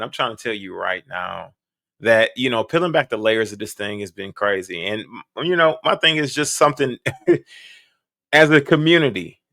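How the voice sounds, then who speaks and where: Male reaction host, crisp bright tone, close dry mic, blunt and emphatic. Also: mid-range voice, no echo. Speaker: podcast host. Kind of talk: reaction commentary.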